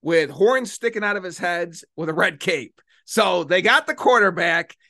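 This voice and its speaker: A male political commentator with a voice pitched well above most men's. His monologue is combative and mocking. He drags out key words to hammer each point home. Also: animated, normal speed, creaky, bright, forceful tone. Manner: combative, sarcastic, stretches words for emphasis. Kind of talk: opinionated monologue.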